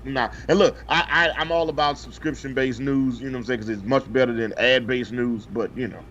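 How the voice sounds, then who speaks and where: A man's voice: mid-range voice, fairly quick, fairly bright tone. A man co-hosting a casual podcast, reading a news story aloud with profane, joking asides. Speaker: podcast co-host. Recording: slightly dull, faintly noisy podcast audio.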